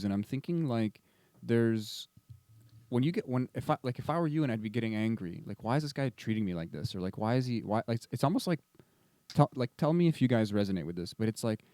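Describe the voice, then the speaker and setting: Reflective, lively podcast co-host man. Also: medium pitch, no echo. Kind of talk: casual chat.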